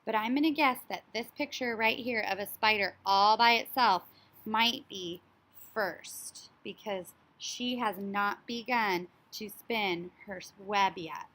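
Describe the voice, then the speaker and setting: A woman teacher talks young children through the order of a story, slowly and with clear, careful emphasis. Her voice is bright and forward, and her delivery is animated and child-friendly. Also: mid-range voice. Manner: slow, animated, child-directed, imitates animal sounds.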